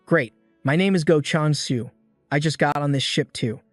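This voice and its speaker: A man's voice: fairly high pitch, moderate pace, no room sound, faint music behind, natural voice. A man voicing a blunt young streamer hero. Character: brash young male streamer, blunt and sharp.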